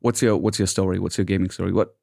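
A man's voice: low voice, fairly even intonation, fast talker, vocal fry, darkish tone, no room sound, clean studio sound. A man hosting a gaming podcast, upbeat and chatty, often repeating words as he talks. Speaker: podcast host.

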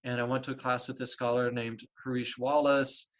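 A middle-aged man in an interview, telling a personal story and acting out both sides of a conversation with big jumps in pitch. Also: flat delivery, moderate pace, a bit bright. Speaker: guest, artist and spiritual practitioner.

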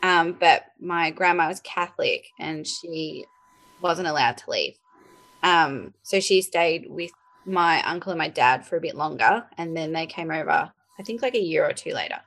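A woman, a podcast guest, telling family stories in a relaxed chatty way with many fillers. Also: deep voice, normal speed. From Australia. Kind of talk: casual chat.

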